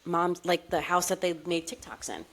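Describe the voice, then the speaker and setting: Chatty woman podcast co-host, lowish voice. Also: moderate pace, a bit bright. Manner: chatty, heavy use of "like". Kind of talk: casual chat.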